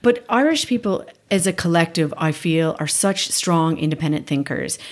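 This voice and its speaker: A woman from Canada in her thirties, chatting as a guest. She tells stories with lots of energy and laughs often. Her voice sits slightly low. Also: normal speed. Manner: animated storyteller, acts out quotes, laughs often. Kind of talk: casual chat.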